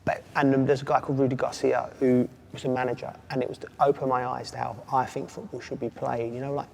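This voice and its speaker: A man, a former footballer telling animated stories as an interview guest. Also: mid-range voice, quick pace, creaky. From England. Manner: animated storyteller, does voices and laughs. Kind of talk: casual chat. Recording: long reverb, faint ambient noise.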